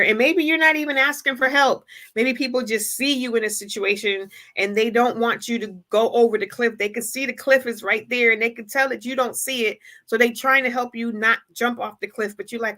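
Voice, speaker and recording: A woman hosting a livestream, giving a preachy motivational talk and acting out imagined people in quick asides. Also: on the high side, fairly even intonation, pushed and bright. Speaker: livestream host. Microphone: streaming setup.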